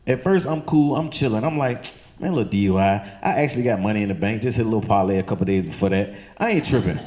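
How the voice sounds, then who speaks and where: A man from doing loose, profane stand-up storytelling on a comedy club stage, jumping into high squeaky voices for the people in his story. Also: quick pace, darkish tone. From Chesterfield County, Virginia.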